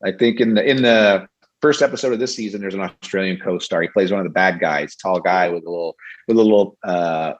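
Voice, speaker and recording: A man's voice: low-pitched, brisk, highs cut off. A man, a TV actor guest on a podcast, talking casually and rambling with lots of fillers. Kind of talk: casual interview chat.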